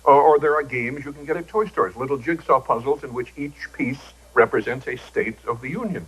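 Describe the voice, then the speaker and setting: Older male raconteur, husky voice, dry jokes, old broadcast sound. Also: medium pitch, fairly quick, fairly bright tone, poor audio. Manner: wry, joking raconteur acting out quoted voices. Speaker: talk show guest. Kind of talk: anecdotal talk show storytelling.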